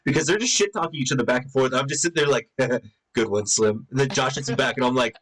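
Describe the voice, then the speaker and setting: A man talks casually with friends in an easygoing, mid-range voice. He laughs often, swears freely and slips into quick impressions of friends while telling stories. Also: mid-range voice, a bit bright, poor audio. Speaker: co-host of a gaming channel. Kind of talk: casual memorial chat among friends.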